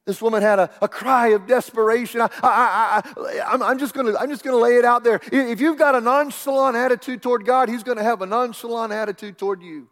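A man, preaching a sermon with stammering restarts, swinging between loud cries and hushed whispers. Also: very high voice, brisk, few pauses. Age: 60s. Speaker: pastor. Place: church sanctuary. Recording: long hall reverb in a church.

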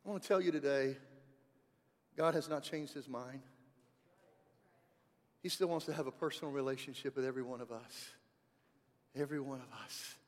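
High-voiced pastor preaching in a reverberant hall. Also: male voice, brisk, long pauses. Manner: animated, swings from loud emphasis to soft intimate tones. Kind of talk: sermon.

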